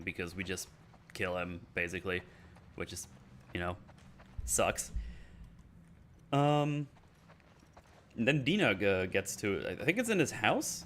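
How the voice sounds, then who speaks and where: Man, lowish voice, casual rant, rambling, hesitant restarts, YouTube review. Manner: rambling, hesitant, animated quoting of scenes.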